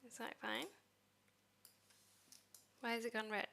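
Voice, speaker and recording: A woman's voice: a little high, little pitch movement, slow, gravelly, pushed and bright. A woman live-streaming as she codes, thinking aloud and muttering or whispering to herself.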